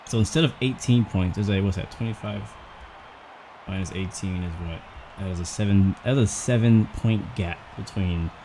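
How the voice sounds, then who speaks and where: A low-voiced man gives casual, rambling commentary over a racing game, thinking out loud as he goes. He sounds out of breath and keeps a chatty, unhurried flow. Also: a little hiss or hum. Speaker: gaming channel host.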